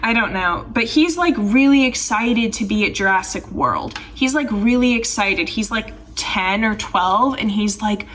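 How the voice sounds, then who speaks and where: A woman's voice: mid-range voice, a little slow, few pauses, fairly bright tone, far from the mic, slight background noise. A young woman rambling through a casual film review, full of "like" and sarcastic asides. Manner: chatty, rambling, heavy use of "like", sarcastic asides. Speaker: film commentary YouTuber.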